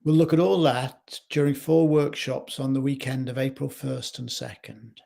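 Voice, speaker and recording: A man speaking as a life coach in a slow, measured reflective talk, recorded in his home kitchen. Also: mid-range voice, fairly even intonation, vocal fry, warm tone.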